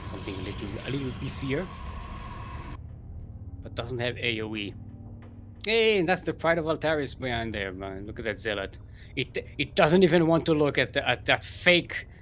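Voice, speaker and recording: Male caster, mid-pitched, casual live commentary with lots of fillers. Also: a bit bright. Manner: rambling, chatty, with frequent fillers. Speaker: esports caster.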